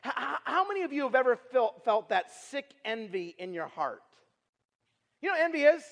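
A male preacher with a very high voice, animated, stumbling over and repeating words as he fires questions at his listeners. His sermon rings out with long reverb in a large hall. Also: normal speed, vocal fry. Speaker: traveling preacher. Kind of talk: sermon to camp staff.

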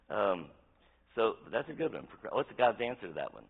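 A man's voice: medium pitch, animated, fast. A man preaching an interactive sermon as pastor, talking in a conversational way and asking the congregation questions. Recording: tinny phone-like sound.

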